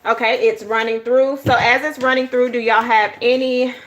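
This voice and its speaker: A woman's voice: fairly high pitch, level tone, moderate pace, fairly bright tone. A woman hosting a casual planner-craft livestream, chatting to viewers as "y'all" and "honey.". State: out of breath. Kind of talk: casual livestream tutorial chat.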